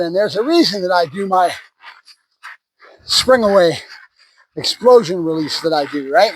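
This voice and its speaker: Husky-voiced man training a puppy. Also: sits high, animated, measured pace, long pauses, low-quality recording. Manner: talks to the camera between praise words to the puppy. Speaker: dog trainer. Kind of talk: casual training commentary to camera. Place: outdoors at a training area.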